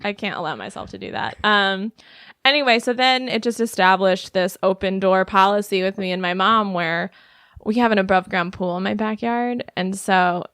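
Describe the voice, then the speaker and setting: A woman's voice: mid-range voice, normal speed, fairly bright tone, clean tone, no room sound, clean studio sound. A young adult woman comedian, a podcast guest, telling stories in a loose, chatty way with lots of fillers. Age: 20s to 30s. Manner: chatty storytelling with many fillers and laughs. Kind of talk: casual podcast interview.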